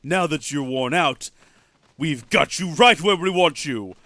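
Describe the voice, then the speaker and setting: A man voicing a gloating male bandit who taunts loudly in a raised voice. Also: a little high, a little slow, no room sound, voice pushed up. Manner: loud, taunting.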